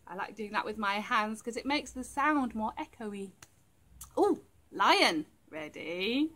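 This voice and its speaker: A woman presenting a library rhyme time for small children, talking to them at home in an animated way and making playful animal noises. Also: on the high side, slow pace.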